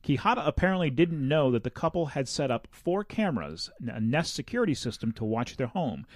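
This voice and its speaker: Lively, jokey male podcast host. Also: medium pitch, brisk, no echo, clean studio sound. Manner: animated, laughs often, jokey asides. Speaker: podcast co-host reading news stories. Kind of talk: casual chat.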